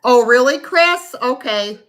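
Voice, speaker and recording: A woman's voice: high-pitched, animated, a little slow, a bit bright. A woman hosting a live online sale, chatting in a folksy way, describing items and counting down sales. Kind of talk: live selling stream.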